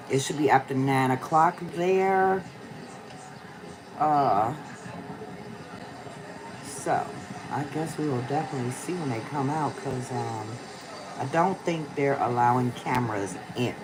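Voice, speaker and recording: Woman livestream host, deep and slow, drowsy casual chat over a noisy outdoor phone recording. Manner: chatty, slangy, addresses viewers as y'all. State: tired, yawning. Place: outdoors on a rainy day.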